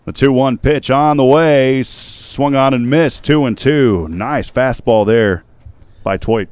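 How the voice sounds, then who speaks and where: A man giving steady, measured baseball play-by-play commentary as the announcer. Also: clean tone, dry recording. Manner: steady, measured calls of each pitch.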